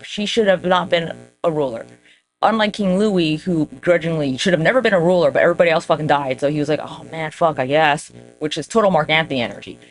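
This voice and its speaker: Low-voiced woman telling profane comedic history. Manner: profane, irreverent, acts out quoted figures in quick voices. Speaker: history storyteller. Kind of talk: casual comedic history storytelling.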